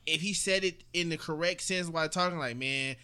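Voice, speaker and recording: A man's voice: high voice, flat delivery, fairly quick, sharp tone, clean tone. Provocative young man joking around. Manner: joking, provocative, laughs often. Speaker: podcast co-host. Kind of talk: casual chat.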